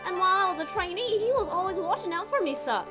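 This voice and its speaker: A woman voicing a loyal, gruff male police detective with a wobbly attempted Brooklyn accent that slips toward cockney, over game music. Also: very high voice, animated, fast. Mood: earnest.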